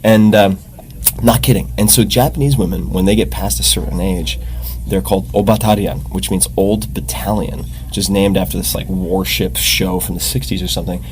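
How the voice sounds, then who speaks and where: A man talking as a guest on a podcast in a relaxed, measured way, often filling with "like". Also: deep voice, slight background noise. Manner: relaxed, measured, uses "like" as filler. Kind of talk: casual conversation.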